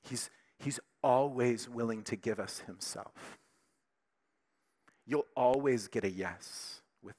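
A man preaching a sermon with emphatic, animated delivery, dropping to quiet, intimate tones between louder passages. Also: medium pitch, gravelly. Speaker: pastor.

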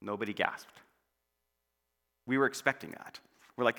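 Animated man preaching in a reverberant church. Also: mid-range voice, normal speed, long pauses. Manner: playful, joking storyteller. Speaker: pastor. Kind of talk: sermon. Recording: long church hall reverb.

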